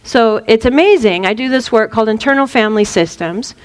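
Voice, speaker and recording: Speaking a little fast in a voice on the high side, a reverend gives an informal spiritual talk heavy with long reverb. She tells stories animatedly and plays out quotes with a playful touch.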